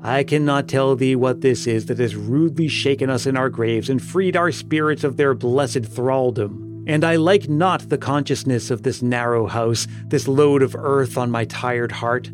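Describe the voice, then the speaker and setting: The gentle ghost of an aged village priest, as a man puts him on, soft and resigned. His quiet words come over clear background music in a storybook reading. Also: medium pitch, normal speed, few pauses, natural voice.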